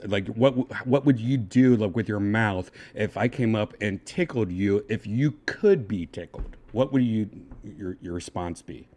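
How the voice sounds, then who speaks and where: A man hosting a casual livestream who talks in a pushy, halting way and keeps restarting his sentences. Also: lowish voice, darkish tone. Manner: pushy, halting, repeats himself. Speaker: livestream host.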